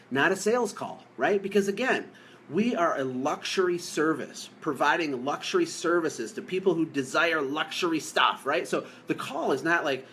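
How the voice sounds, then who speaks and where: Upbeat male coach from the US, a bit higher-voiced, joking and hammering key points on a live stream. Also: a little hiss or hum. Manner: energetic, jokey, emphatic, repeats key phrases. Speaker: business coach.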